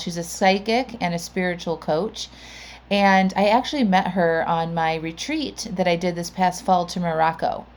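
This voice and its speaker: A woman hosting a podcast and coaching, talking in a chatty, conversational way with frequent "like" and "right?". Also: medium pitch. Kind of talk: chatty podcast intro monologue.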